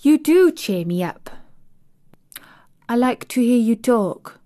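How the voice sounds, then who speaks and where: Woman playing a prim little girl, sharp and blunt, raised pitch, storybook voice. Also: big pitch swings, slow pace.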